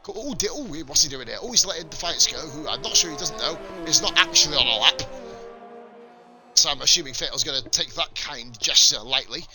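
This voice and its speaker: A man's voice: fairly high pitch, expressive, a little fast, over music. A man giving casual live commentary on a sim racing league stream, swearing and chatting with viewers between calls of the action. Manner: casual, sweary, rambling banter with chat. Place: home streaming setup.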